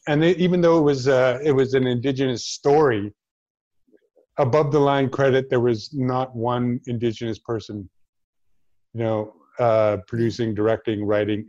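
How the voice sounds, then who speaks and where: A man's voice: mid-range voice, steady tone, moderate pace, a little mellow, no room sound, muffled recording. A middle-aged man, an actor guest in a casual chat, speaking earnestly and bluntly.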